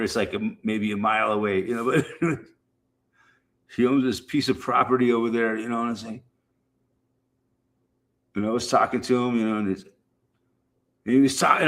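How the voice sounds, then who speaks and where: A middle-aged man chatting casually and rambling to his stream viewers, swearing freely and repeating himself. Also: medium pitch. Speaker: livestream host.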